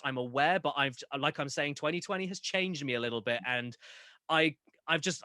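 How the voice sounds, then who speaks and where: A young man with a Southern English accent, a video game YouTuber chatting as a podcast guest, rambling and animated, swearing casually. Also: on the high side, no room sound, clean studio sound. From England.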